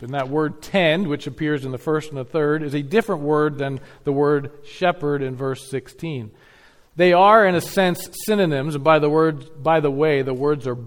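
Earnest man preaching, slightly higher voice. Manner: earnest teaching with repetition for emphasis; reads scripture slowly and deliberately. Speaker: pastor. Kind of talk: expository sermon.

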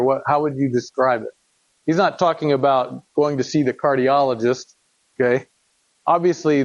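A man's voice: a little high, no room sound. A male preacher with a slightly raised voice who moves from reading scripture to talking it over with his congregation. The recording is dry and somewhat dull. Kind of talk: Bible teaching.

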